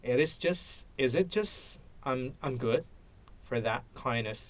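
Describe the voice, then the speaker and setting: A man's voice: mid-range voice, animated, slow. Hesitant man practicing English. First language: Indonesian. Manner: hesitant, searching for words. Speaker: English learner, teacher. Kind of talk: casual English speaking practice.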